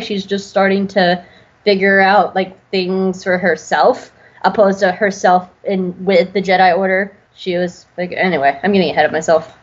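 A young woman co-hosting a podcast, chatting loosely and rambling with lots of fillers, on a dull lo-fi recording. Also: medium pitch. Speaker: podcast co-host. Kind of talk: casual recap chat. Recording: dull lo-fi with faint music.

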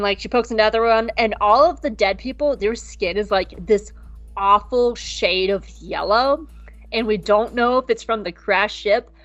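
A woman co-hosting a podcast, recapping an episode in a casual, animated and profane way. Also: mid-range voice, no room sound, dull audio. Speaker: podcast co-host.

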